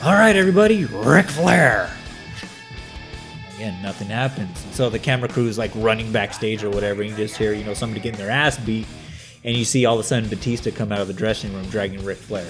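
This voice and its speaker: A man's voice: on the low side, steady tone, rapid-fire, over music. A man co-hosting a casual chat, retelling events in a rambling way, swearing and tacking on "or whatever". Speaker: podcast co-host.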